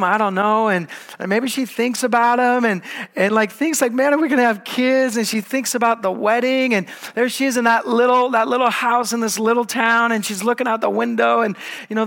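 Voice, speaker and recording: A man preaching a sermon, telling the story in a casual, conversational way with lively asides. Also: extremely high pitch. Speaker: pastor. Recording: long hall reverb.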